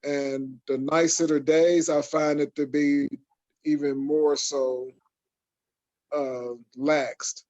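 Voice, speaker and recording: A man from Michigan, USA hosts a casual podcast chat, his fairly high voice slow, slightly mellow and showing little pitch movement. He rambles at length with many fillers and restarts. The sound is dull and lo-fi.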